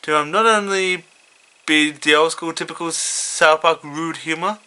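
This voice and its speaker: A man casually reading his own fan story, halting and stuttering with many fillers. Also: a little high, pushed and bright, smooth. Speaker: fan fiction reader.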